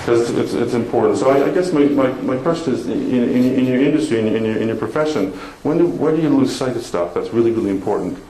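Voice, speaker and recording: Canadian man, keynote speaker, quick animated storyteller, echoey conference hall. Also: medium pitch. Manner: animated, chatty storytelling with audience laughter. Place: conference hall before an audience. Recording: echoey hall with faint noise.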